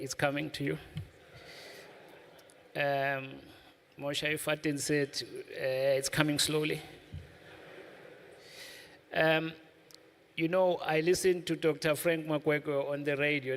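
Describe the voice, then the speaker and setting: Male event host, casual, fillers, slightly high voice. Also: a bit bright. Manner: loose, with many fillers. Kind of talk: casual hosting.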